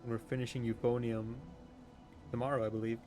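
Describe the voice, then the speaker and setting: A man's voice: mid-range voice, level tone, a little fast, darkish tone, faint music behind. A young man streaming a game, chatting casually with viewers in a joking, offhand way and laughing often. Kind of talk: casual chat reading viewer messages.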